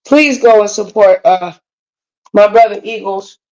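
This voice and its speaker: A woman's voice: mid-range voice, a little slow, darkish tone, poor audio. A woman hosting a casual livestream, talking straight to her viewers in a frustrated, rambling way. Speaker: livestream host.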